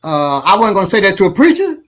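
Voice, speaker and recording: A man with a husky voice, pitched somewhat high, tells a story to friends at an easy pace. He stops and restarts his sentences often, repeating words as he thinks. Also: very animated, quick pace, fairly bright tone. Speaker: martial arts instructor. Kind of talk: casual storytelling in a panel discussion.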